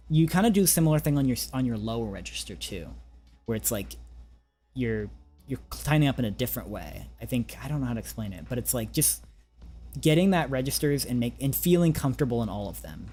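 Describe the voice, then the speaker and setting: A man explains singing technique in a relaxed, halting way, full of restarts. His voice sits at an ordinary middle pitch. A little music plays faintly under him. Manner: gentle, hesitant, lots of restarts and fillers; sings short scale demos. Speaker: vocal coach. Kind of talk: casual vocal lesson over a call.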